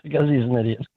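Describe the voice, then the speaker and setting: A man with a New Zealand accent, a guest author telling lively, joking stories in a radio interview over the phone. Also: medium pitch, gravelly, breathy edge, dry recording. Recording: tinny phone line.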